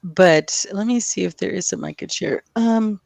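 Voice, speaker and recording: A woman's voice: mid-range voice, normal speed, gravelly, darkish tone, dry recording. A woman hosting a casual livestream, chatty and giggly, often losing her place as she reads the chat. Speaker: host.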